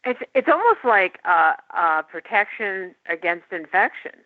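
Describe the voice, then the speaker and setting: A woman's voice: medium pitch, sing-song, a little slow, no room sound. Woman guest on a tinny phone line. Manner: chatty, enthusiastic. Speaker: tech guest. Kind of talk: casual podcast chat.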